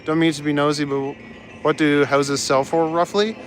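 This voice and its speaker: A man's voice: fairly high pitch, flat delivery, normal speed, faint music behind. A young man in casual chat as a live streamer, walking outdoors through city streets and chuckling as he answers his chat. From Canada. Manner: laid-back, chuckles often, reads out chat.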